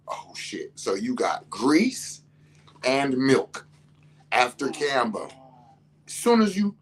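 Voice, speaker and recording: A man's voice: medium pitch, takes it slowly, long pauses, slight background noise. A man talking casually as a healer and host, cursing freely and acting out what others said, recorded indoors in a house. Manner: animated, profane, acts out quotes. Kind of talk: casual storytelling talk.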